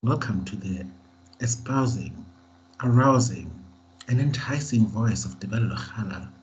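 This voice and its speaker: A man putting on a seductive late-night announcer voice, slow and over the top. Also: on the low side, animated, a little mellow, rough recording.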